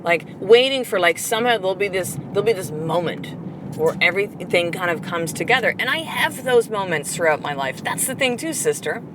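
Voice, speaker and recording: A woman's voice: fairly low pitch, lively intonation, brisk, background noise. A middle-aged woman hosting a motivational podcast, talking bluntly and with plenty of swearing as she coaches her listeners. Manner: blunt, profane, fired-up coaching talk. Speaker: podcast host.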